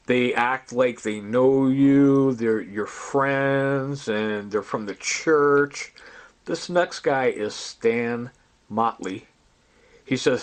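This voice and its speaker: A man telling a long, rambling story in an agitated way, often quoting other people's words. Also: mid-range voice. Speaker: storyteller recounting personal grievances. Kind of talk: rambling recorded monologue.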